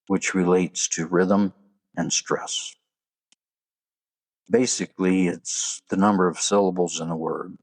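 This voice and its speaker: Man, deep voice, slow, casual solo podcast host, folksy and joking. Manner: folksy, joking delivery with trivia.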